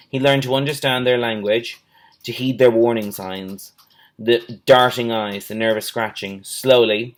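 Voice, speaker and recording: A male teacher reading a children's storybook aloud in a steady, measured way. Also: mid-range voice.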